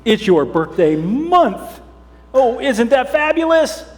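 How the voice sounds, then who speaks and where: A man's voice: extremely high pitch, big pitch swings, takes it slowly. A man preaching as pastor, telling a children's story sermon and acting out the characters. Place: church sanctuary. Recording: long church hall reverb.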